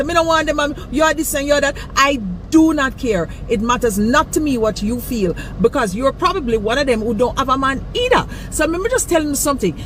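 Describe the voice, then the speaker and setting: A Jamaican woman with a high voice lectures emphatically and drives her warnings home. She speaks outdoors, and faint traffic hums behind her. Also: poor audio. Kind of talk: outdoor video rant.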